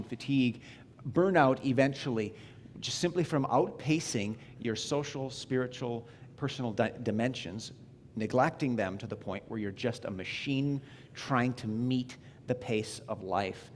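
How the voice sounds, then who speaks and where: A man's voice: mid-range voice, a little hiss or hum. A man preaching a sermon as a pastor in a church, talking in a conversational, self-deprecating way with restarts and asides to the congregation. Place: church sanctuary.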